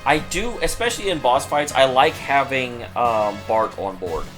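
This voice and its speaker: An animated man chats through a game stream, his pitch bouncing as he jokes and rambles. He keeps it casual, with faint game music behind him. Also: normal speed, poor audio. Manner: chatty and joking, with lots of "like". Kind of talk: casual let's-play commentary.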